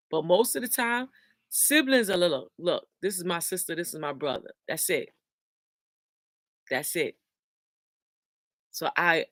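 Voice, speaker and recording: A slow, deliberate host speaks to viewers in a preachy, emphatic way, reading out comments and quoting scripture. The host repeats key lines for weight. The voice sounds dry and close, with no room echo. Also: medium pitch, a bit bright. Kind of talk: casual motivational talk with scripture.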